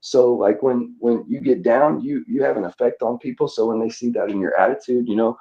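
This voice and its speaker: A man's voice: mid-range voice, fairly quick, mellow, highs cut off. A man talking casually on a live audio chat, rambling and hesitant with many fillers and restarts.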